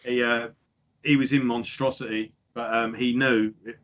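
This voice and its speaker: A man with a bright, forceful voice co-hosts a relaxed music podcast. He tells stories with lively energy and drops swear words freely. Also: mid-range voice, normal speed, muffled recording. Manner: animated storyteller who swears freely. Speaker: podcast co-host. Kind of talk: casual chat about music.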